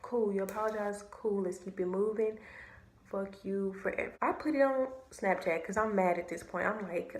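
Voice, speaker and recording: Young woman vlogger, casual storytime, animated and slangy, mid-range voice, roomy echo. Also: mid-range voice, moderate pace. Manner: animated, slangy, swears freely. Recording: echoey room.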